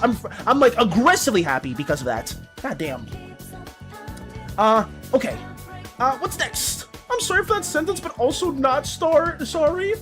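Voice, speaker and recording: A woman art streamer chatting casually on a live stream, excitable, laughing often and swearing. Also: a little high.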